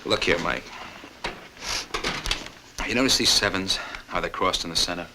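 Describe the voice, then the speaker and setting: An actor playing a wry police detective with a cold in a 1960s TV crime drama. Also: male voice, sits low, gravelly, sharp tone, heavily acted. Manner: brisk and wry. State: has a cold. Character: brisk, wry male detective fighting a cold. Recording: noisy old TV soundtrack.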